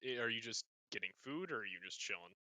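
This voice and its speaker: A young man narrates a tabletop game as its game master, talking loosely and jokingly with frequent restarts. His voice is very bright and cutting, recorded dry and close. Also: medium pitch, lively intonation, no echo. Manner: casual, joking, halting restarts.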